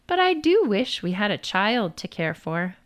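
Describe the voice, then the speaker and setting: A woman voicing a thoughtful, gentle gray-haired old father in a storybook tale. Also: medium pitch, very animated, measured pace.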